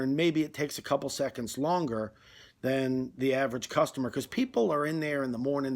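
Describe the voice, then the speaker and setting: Man, deadpan comic monologue, rambling and chatty, mid-range pitch. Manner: rambling, conversational, with fillers. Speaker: comedy video host.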